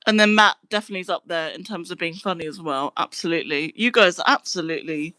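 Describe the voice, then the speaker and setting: A young woman chatting casually on a live stream, answering her chat in a relaxed way. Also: on the low side, fast, dry recording. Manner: chatty, giggly, breaks into laughing fits.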